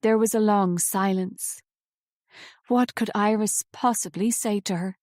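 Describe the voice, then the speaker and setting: A woman's voice: medium pitch, fairly even intonation, unhurried, a little mellow, dry recording. Woman narrating a novel, dry close sound. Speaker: audiobook narrator. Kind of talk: scripted audiobook narration.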